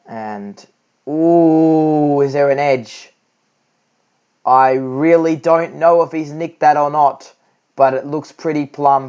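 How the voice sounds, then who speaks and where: A young man doing an impression of an excitable Australian cricket TV commentator, loud and climbing higher with each replay. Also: clean tone. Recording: dull lo-fi recording.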